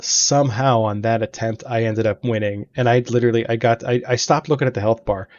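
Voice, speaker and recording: A man's voice: mid-range voice, fairly even intonation, a little fast, a little mellow, no echo, highs cut off. A man hosting a let's play, telling long stories about beating game bosses in a chatty, rambling way from his home gaming room. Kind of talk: casual gaming commentary.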